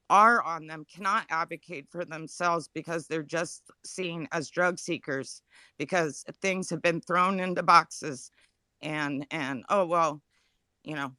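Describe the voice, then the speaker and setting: An upset woman gives halting, earnest testimony in a live audio room, close to tears and apologizing as she goes. Her voice is bright and sharp, recorded dry and close. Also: on the low side, dry recording. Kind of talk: emotional personal testimony.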